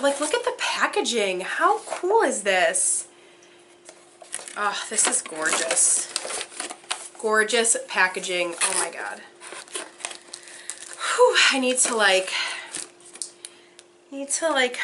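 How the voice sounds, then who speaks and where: A young woman vlogging an unboxing, gushing with breathless excitement and frequent gasps. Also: fairly high pitch, a little hiss or hum.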